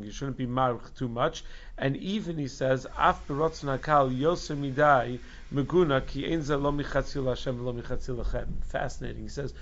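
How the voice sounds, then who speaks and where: A man teaching a casual Torah lesson as a rabbi, with frequent halting restarts and fillers. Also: medium pitch, muffled recording. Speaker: rabbi teaching Jewish law.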